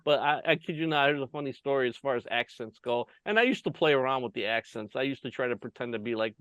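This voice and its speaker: A man with a Chicago accent hosting a casual interview, an animated storyteller who laughs often, over a video call. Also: mid-range voice, fast talker, clear, resonant tone, no room sound. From Chicago, United States. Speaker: host. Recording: dull, dry lo-fi sound.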